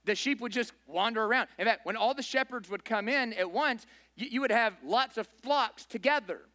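A man's voice: extremely high pitch, moderate pace, sharp tone. A man preaching a sermon to his congregation in a conversational, informal way. He often asks the listeners questions and checks in with "right?". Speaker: pastor.

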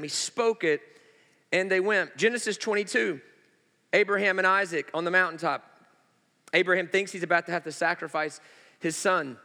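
A male pastor preaching a sermon, an animated storyteller who swings between loud, high exclamations and slow, hushed emphasis. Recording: long reverb of a large hall.

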